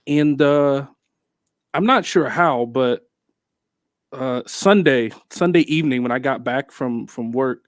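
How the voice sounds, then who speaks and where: A man's voice: medium pitch, slow, no echo, clean studio sound. A man co-hosting a radio talk show, chatting in an easygoing, hesitant way. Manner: easygoing, hesitant, many fillers and restarts. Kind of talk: casual radio chat. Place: radio studio.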